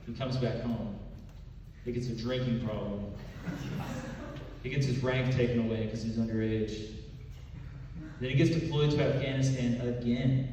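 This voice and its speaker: A man performing a stand-up comedy set, telling a story in a deadpan way and dropping low and quiet for punchlines. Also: normal speed, very echoey, big-room sound, recorded from a distance, muffled recording, a little hiss or hum. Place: comedy club stage.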